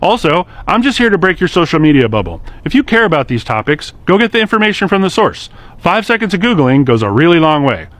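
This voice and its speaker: Lively-voiced man hosting a video series. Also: on the high side, fast talker, no room sound. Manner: direct, earnest, lightly sarcastic address. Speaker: host of a social media series. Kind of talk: scripted explainer monologue to camera.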